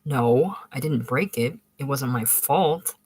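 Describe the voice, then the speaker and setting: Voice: mid-range voice, takes it slowly, a little mellow, breathy edge. A reader voicing a proud, touchy husband recovering from illness, speaking with stiff dignity and defensive explanations in an audiobook. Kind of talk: audiobook reading.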